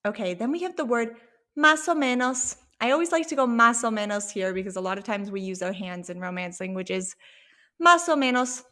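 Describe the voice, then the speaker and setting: A woman teaching an online language lesson from home, sounding out each word slowly and checking in with "okay?". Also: mid-range voice, fairly even intonation, fairly bright tone. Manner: slow, drawn-out demonstration of words with frequent "okay?" checks. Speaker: Spanish teacher.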